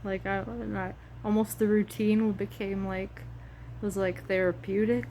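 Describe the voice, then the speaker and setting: A woman's voice: mid-range voice, flat delivery, measured pace, warm tone, slight background noise. Rambling emotional woman vlogger. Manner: rambling, emotional, many fillers and restarts. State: tearful at times. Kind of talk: casual chat about a video game.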